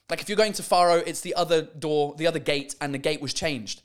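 A man's voice: a little high, moderate pace. A man hosting a podcast, telling a story as an exasperated, profane comic rant. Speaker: podcast host.

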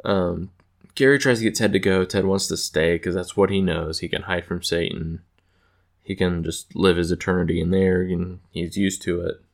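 A man's voice: low voice, vocal fry. A man casually recapping an episode in a rambling, amused way with lots of fillers. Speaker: show recapper.

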